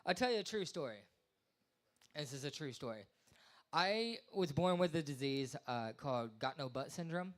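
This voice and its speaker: A man's voice: a little high, animated, normal speed, a bit bright. A man in his thirties works through an open-mic stand-up set. He rambles, mocks himself and slips into silly voices for the characters in his jokes. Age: 30s. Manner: rambling, self-deprecating, acts out voices. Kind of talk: stand-up comedy. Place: small live venue.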